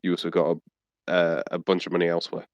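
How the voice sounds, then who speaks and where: A man with a very low voice runs a tabletop game over voice chat. He talks in a halting way, filling gaps with "uh" as he works out the sums. The sound is dry and close. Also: completely flat delivery, no room sound, muffled recording. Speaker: game master.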